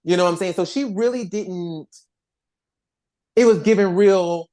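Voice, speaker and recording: Rambling, animated casual podcast host. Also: mid-range voice, unhurried. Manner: animated, rambling, with frequent restarts and swearing. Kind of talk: casual chat.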